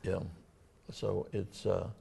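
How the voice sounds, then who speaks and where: An older man with a Massachusetts accent, a town administrator talking in a casual local TV interview, halting with many fillers and restarts. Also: sits low, level tone, gravelly, mellow, slightly rough.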